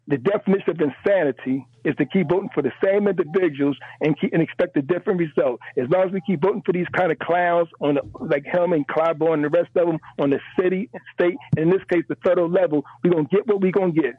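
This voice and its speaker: A man's voice: a little high, breathy edge, no echo. A male radio caller giving impassioned commentary, emphatic and rambling, repeating words as he goes. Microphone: telephone. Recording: tinny phone line.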